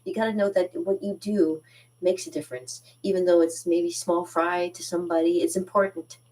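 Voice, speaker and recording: A chatty Canadian woman hosting her own cartooning channel talks straight to her viewers, rambling and getting sidetracked. Her voice sits a little low, and she sounds a bit far from the microphone. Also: fairly even intonation, moderate pace, a little mellow. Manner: rambling, sidetracked, laughs often. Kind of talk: casual chat to viewers.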